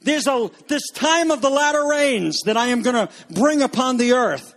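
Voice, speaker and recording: A man's voice: very high-pitched, animated, moderate pace, few pauses, a bit bright. A man preaching a sermon to a congregation, talking in a conversational, joking way with asides to the listeners. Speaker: pastor.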